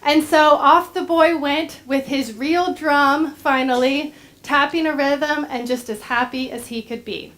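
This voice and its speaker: A woman gently telling a story to children during a church service. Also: high-pitched, fairly even intonation, a little slow. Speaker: director of religious education. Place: church sanctuary.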